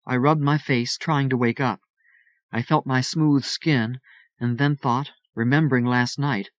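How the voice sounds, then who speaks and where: A man narrating an audiobook in a steady first-person storytelling voice. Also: medium pitch, measured pace, no room sound. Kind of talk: audiobook reading.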